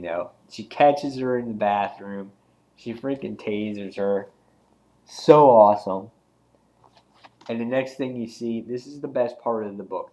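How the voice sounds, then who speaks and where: A man's voice: on the low side, darkish tone. A man giving a casual spoken comic book review, rambling with frequent ums and restarts.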